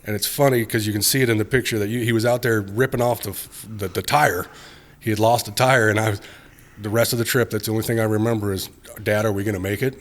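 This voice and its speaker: A man's voice: lowish voice, fairly even intonation, quick pace. A man from Alaska, a truck driver, telling stories in a casual, self-deprecating way and repeating phrases as he goes. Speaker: guest, haul road truck driver. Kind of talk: casual interview storytelling.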